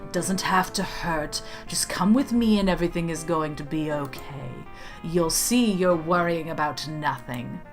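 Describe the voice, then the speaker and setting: A woman voicing a creepy, coercive male professor in a game, speaking in a smooth, hushed, menacing way. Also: sits low, a little slow, faint music behind, voice pushed down.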